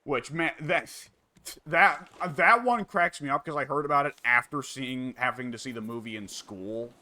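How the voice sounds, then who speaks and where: A man in his twenties chatting casually with a friend while gaming, relaxed and quoting comedy lines. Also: medium pitch, normal speed.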